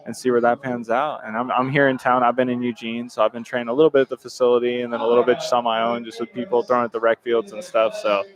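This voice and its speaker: A young man in his twenties, an ex-college football player, talking at a stadium club event. He speaks quickly and easily, filling his sentences with "like.". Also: medium pitch, level tone, poor audio. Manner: easygoing, lots of "like" fillers. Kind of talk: casual interview.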